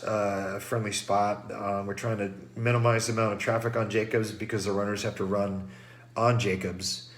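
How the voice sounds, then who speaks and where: A middle-aged man with a somewhat low voice gives a pre-race briefing to runners, stuffed up and congested from trail dust. He talks casually and loosely, full of ums and restarts, like a race director chatting through the rules. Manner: casual and rambling, many fillers and restarts.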